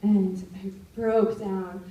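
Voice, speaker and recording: A young woman in her twenties telling a personal story at a live storytelling event, animated and now and then shouting out quoted lines. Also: mid-range voice, drawn-out words, muffled recording. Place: stage in a live venue. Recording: roomy live recording from far off.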